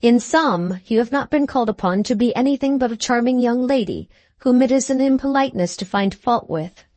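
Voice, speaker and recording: A woman's voice: a little high, lively intonation, fairly quick, no room sound, voice pushed up, lightly acted. Woman voicing a solemn foreign music master. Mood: solemn emphatic. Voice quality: earnest, emphatic, gently grave. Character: earnest foreign male musician, solemn and emphatic.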